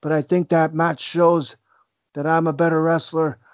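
A man doing an impression of a famous wrestler, teasing and boastful, in a slightly higher voice than his own. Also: level tone, normal speed, dry recording, natural voice. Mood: cocky. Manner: cocky, playful trash talk. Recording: dull lo-fi sound.

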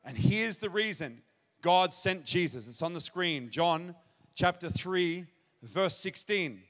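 A man preaching his testimony to a congregation, acting out conversations and building to shouted exclamations. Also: high-pitched, lively intonation, slow pace. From Australia. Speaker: pastor. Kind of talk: testimony sermon to a live congregation. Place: large church hall at a revival event. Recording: live hall reverb.

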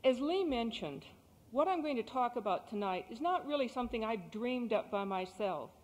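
A woman from Texas giving a prepared speech as guest speaker, crisp and articulate with light humor. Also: fairly high pitch, lively intonation, moderate pace, a little mellow. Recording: cassette recording in a reverberant hall.

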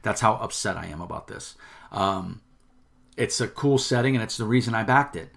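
A man's voice: lowish voice, normal speed, creaky, a bit bright. A middle-aged man hosting his own channel, delivering an angry rant to camera, indignant, stumbling over repeated words and swearing. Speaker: channel host.

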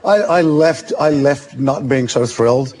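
An Australian actor in his forties, a talk-show guest telling lively anecdotes and acting out other people's voices. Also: medium pitch, unhurried. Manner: animated storyteller, acts out other voices. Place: television studio.

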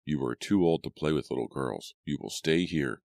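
A man voicing a stern, very deep father. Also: expressive, moderate pace, gravelly, a little mellow, no echo, clean studio sound, full character voice. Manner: firm, commanding. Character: stern, strict colonial father.

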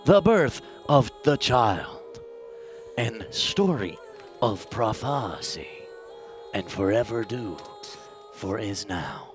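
A man's voice: fairly high pitch, expressive, takes it slowly, fairly bright tone, soft background music. Man doing a pompous mock-ancient prophet spirit. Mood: solemn. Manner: mock-archaic grandiose speech, fumbling thee and thou. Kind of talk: improvised comedy role-play on a stream.

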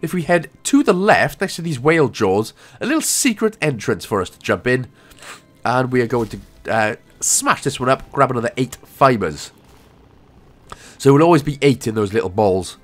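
A man's voice: medium pitch, sing-song, moderate pace. Jokey Welsh man narrating a game guide. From Wales. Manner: jokey, rambling, self-mocking asides. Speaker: game walkthrough commentator. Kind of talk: casual gameplay commentary.

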